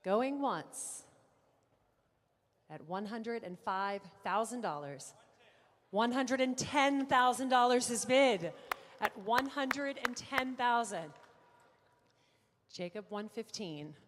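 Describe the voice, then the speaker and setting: Woman, auctioneer, rapid bid calling, teasing asides, long echoing hall. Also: a little high, animated, a little hiss or hum. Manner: brisk bid-calling with playful asides to bidders. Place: large auction room.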